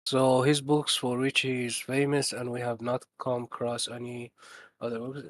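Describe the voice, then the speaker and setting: A man's voice: medium pitch, completely flat delivery, normal speed. A man in an online voice-chat debate, pressing his point and repeating words to hold the floor.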